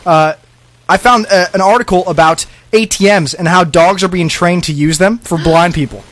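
A man's voice: high voice, fairly bright tone, no echo, rough recording. A young man co-hosting a casual talk show, firing eager questions and jokes at his guests. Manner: eager, quick questions, jokey. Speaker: co-host. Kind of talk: casual chat.

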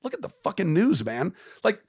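A man's voice: sits high, huge pitch swings, normal speed, a little mellow, husky. A man talking as a podcast guest in a candid conversation, earnest and impassioned, restarting phrases as he searches for words.

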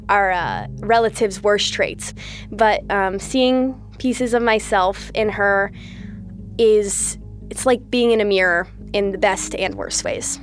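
A woman speaks thoughtfully and at a measured pace about family. Faint music plays beneath her voice. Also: medium pitch. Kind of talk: reflective recorded reflection.

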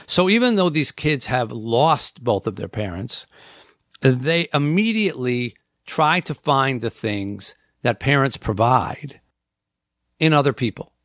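A man's voice: mid-range voice, sing-song, measured pace, fairly bright tone, no room sound, studio quality. A man hosting a talk show on air, speaking earnestly and acting out inner voices as he lists points. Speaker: radio talk show host.

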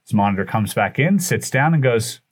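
A man's voice: medium pitch, moderate pace, slightly rough. A man, a podcast guest, telling a long story in casual chat, acting out what people said. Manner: animated, acts out quoted dialogue; loose, with fillers and restarts.

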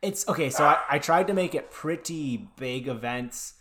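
A man's voice: on the high side, normal speed, heavy background noise. A man co-hosting a podcast, chatting casually and enthusiastically, often restarting his sentences. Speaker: podcast co-host. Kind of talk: casual podcast chat about horror movies.

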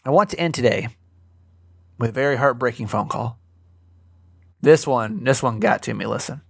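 A man's voice: mid-range voice, moderate pace, gravelly. A man hosting a podcast in casual chat, rambling and repeating himself as he talks. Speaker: podcast host.

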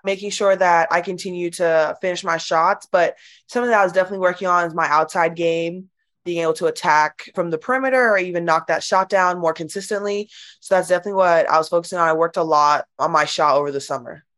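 A young woman, a college basketball player, talks through her season and her travels in a relaxed, chatty way. Her voice sits a little low, and she often mimics what people said. She fills her speech with "like" as she goes. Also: quick pace. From United States. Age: young adult. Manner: chatty, lots of "like", animated retelling. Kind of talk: casual interview chat.

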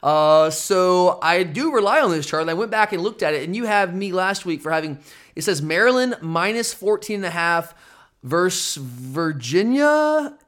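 Man, high voice, podcast host, casual betting chat, teasing, rambling restarts. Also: expressive, normal speed, a bit bright.

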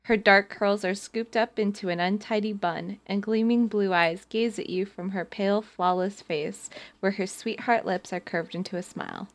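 A woman's voice: mid-range voice, steady tone, moderate pace, few pauses. A young woman hosting a podcast, reading an interactive story aloud and breaking off to joke with her friends. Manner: giggly, reads narration then jokes between passages. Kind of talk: casual reading aloud with banter.

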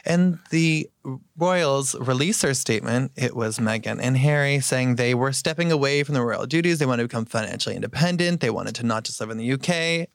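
A man hosting a casual podcast chat, briskly recapping news and handing the talk to his co-hosts. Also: medium pitch, gravelly, no echo. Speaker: podcast host.

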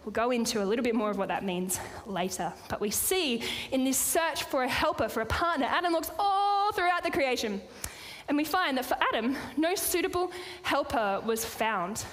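A woman's voice: sits high, animated, normal speed, a bit bright. A woman preaching a sermon to a live audience, reading scripture and making playful, chatty asides to the crowd. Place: church or hall with a live audience. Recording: long hall reverb.

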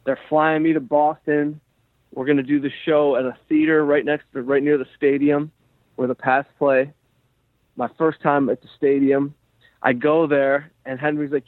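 A male comedian chatting on his podcast, rambling and animated, his voice sitting a bit high. The sound is dry and tinny, as though coming through a phone line. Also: normal speed, no echo. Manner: rambling, animated, heavy use of "like". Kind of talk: casual storytelling chat.

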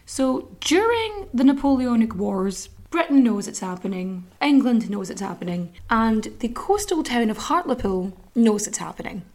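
Rambling woman podcast host, higher voice. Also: big pitch swings, moderate pace, few pauses, a little mellow. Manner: rambling, filler-heavy, swears freely. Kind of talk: casual history chat.

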